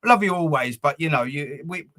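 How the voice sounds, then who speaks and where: Rambling man, slightly high voice. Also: lively intonation, fairly quick, pushed and bright. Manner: rambling, swears freely, chats to viewers. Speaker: football fan channel host. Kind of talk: casual live-stream chat.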